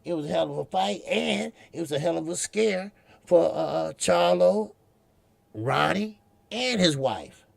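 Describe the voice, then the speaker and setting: A man's voice: on the high side, lively intonation, a little slow, vocal fry, dry recording, clean studio sound. A man hosting a boxing talk stream, rambling and profane, repeating himself as he talks. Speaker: boxing show host. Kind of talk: casual live-stream commentary.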